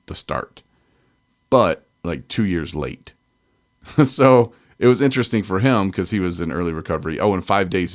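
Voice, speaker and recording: A man co-hosting a recovery podcast, from Michigan, talking in a rambling way with frequent laughs and restarts. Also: deep voice. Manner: rambling, self-interrupting, laughs often. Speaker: podcast co-host. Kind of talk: casual chat.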